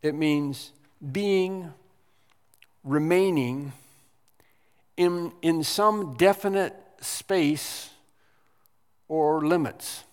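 A male pastor delivering a sermon in a church sanctuary, his speech slow and measured. He hammers home single words with sudden emphasis, and a long hall reverb trails each phrase. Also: on the high side, clean tone. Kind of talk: expository sermon.

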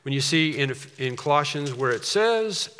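Bright-voiced man preaching in an echoing hall. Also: on the high side, lively intonation, normal speed, clean tone. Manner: emphatic, repeats key phrases. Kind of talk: sermon. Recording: long reverb of a large hall.

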